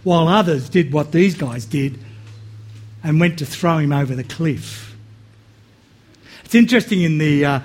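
High-voiced man preaching a sermon. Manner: slow, emphatic preaching with animated asides.

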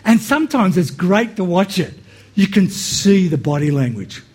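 High-voiced man preaching a sermon. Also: slightly rough. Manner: slow, emphatic preaching with animated asides.

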